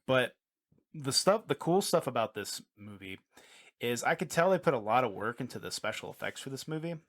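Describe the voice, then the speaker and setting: Guy on a movie podcast, mid pitch, rambling recap, lots of "he's like", swears a bunch. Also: expressive, fairly quick, a bit bright. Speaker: podcast co-host. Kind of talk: casual movie review chat.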